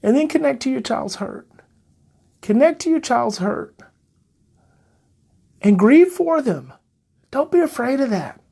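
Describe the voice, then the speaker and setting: A man, a parenting coach and host, giving a heartfelt motivational talk to parents. He talks emotionally and earnestly, repeats his phrases, and often turns soft and soothing. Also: very high voice, sing-song, measured pace, vocal fry, long pauses, slightly rough.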